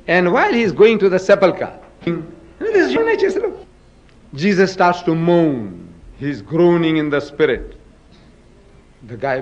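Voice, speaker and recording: A slightly mellow, higher-than-average voice comes through a muffled recording. The man, a speaker in a religious debate, lectures emphatically, peppering listeners with rhetorical questions and theatrically performing scripture passages.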